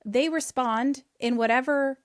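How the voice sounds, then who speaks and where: A woman's voice: high-pitched, unhurried, no echo, clean studio sound. A woman in her thirties, a guest on a podcast, speaking in an upbeat, emphatic way about her views. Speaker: podcast guest, author and podcast host. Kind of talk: casual podcast conversation.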